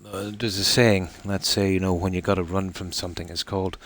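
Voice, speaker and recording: An Irish man streaming a game live, chatting casually in a rambling way with many pauses and restarts. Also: deep voice, level tone, a bit bright. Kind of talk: casual live-stream chat while gaming.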